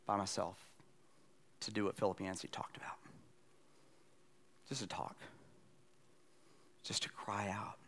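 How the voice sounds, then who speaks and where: A man in his forties preaching a sermon as pastor, moving between loud, lively storytelling and quiet, almost whispered appeals. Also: mid-range voice. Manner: swings from loud excited storytelling to hushed, near-whispered pleading.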